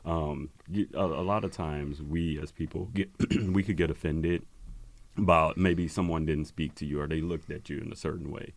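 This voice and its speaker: A man hosting a podcast in casual conversation, earnest and encouraging, speaking with pauses. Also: extremely low pitch, steady tone, gravelly, no room sound. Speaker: podcast host.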